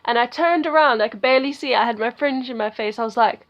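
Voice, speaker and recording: A young woman vlogging, telling a story in a chatty, animated way that gets loud and giggly, with lots of "like" and "okay.". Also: a little high, fast talker, lo-fi sound. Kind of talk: casual storytelling to camera.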